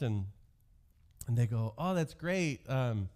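A man's voice: mid-range voice, measured pace, darkish tone. Man preaching a sermon with humor. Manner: storytelling with self-deprecating humor. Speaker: pastor.

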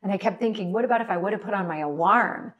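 A woman's voice: mid-range voice, fast, a bit bright, highs cut off. A woman guest on a podcast, telling a personal story in an emotional, earnest way. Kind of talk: personal account in conversation.

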